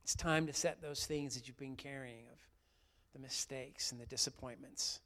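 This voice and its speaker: A man preaching an Easter sermon, swinging between loud, fervent emphasis and quiet, hushed passages. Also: medium pitch, steady tone, normal speed. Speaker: pastor.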